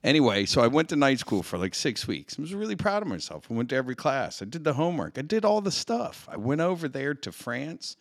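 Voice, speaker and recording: A man's voice: mid-range voice, very animated, quick pace, few pauses, no echo, studio quality. A man with an American accent co-hosting a podcast, chatting in a casual, self-deprecating way. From United States. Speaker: podcast co-host.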